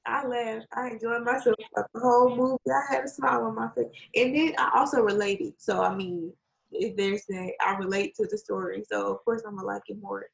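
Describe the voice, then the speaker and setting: A woman in casual chat, retelling a story with lively acted-out quotes, swearing and laughing often. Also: a little high, brisk, vocal fry, rough recording. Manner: animated storytelling, acts out quotes.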